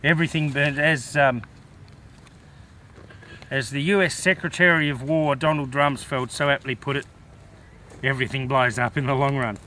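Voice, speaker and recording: A man's voice: mid-range voice, fairly even intonation, normal speed, pauses often, sharp tone, slight background noise. An Australian man rambling in a casual outdoor vlog, with folksy bush slang. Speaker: vlogger.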